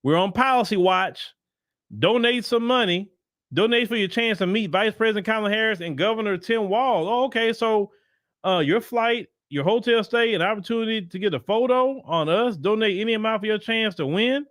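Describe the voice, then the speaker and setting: A man's voice: sits high, normal speed, a bit bright, no echo, clean studio sound. A man hosting a solo political commentary show, talking emphatically and firing off repeated rhetorical questions, with sarcastic asides while browsing websites on screen.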